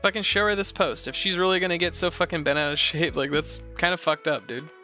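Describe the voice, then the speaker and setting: A man's voice: a little high, fairly even intonation, quick pace, bright, forceful tone, faint music behind. A man hosting a show, reading posts aloud and giving rambling, profane, sarcastic commentary in a casual chat style. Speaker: host.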